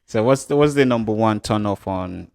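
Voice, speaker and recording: An interviewer asking short, polite questions and adding quiet backchannel sounds. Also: mid-range voice, normal speed, creaky, no echo, studio quality.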